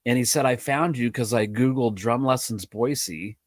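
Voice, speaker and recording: A man hosting a podcast, chatting in a relaxed, joking way and giving frequent short agreements. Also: medium pitch, normal speed, dry recording, clean studio sound. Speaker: podcast host and drum teacher. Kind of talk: casual chat.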